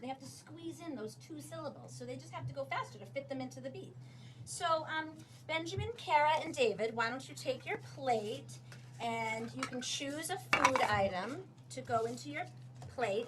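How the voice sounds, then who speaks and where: High-voiced woman music teacher coaching kids. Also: background noise. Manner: upbeat, coaching children, counting in. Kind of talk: classroom demonstration.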